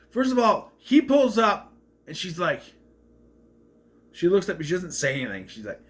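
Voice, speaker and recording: Guy rambling thru a movie recap, lively up and down voice, kinda high. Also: moderate pace. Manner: rambling, self-correcting retelling.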